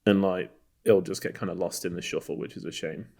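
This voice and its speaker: A man's voice: sits low, steady tone, brisk, a little mellow. A man co-hosting a film podcast, from Texas, talking in a loose, rambling way with lots of fillers and restarts. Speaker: podcast co-host. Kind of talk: casual film chat.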